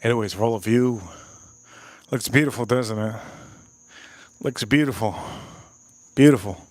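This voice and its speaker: Unhurried and mid-range, this man's voice comes through with no room sound. He's a livestream host sampling whiskey on a laid-back stream, bantering with viewers in a playful, repetitive manner.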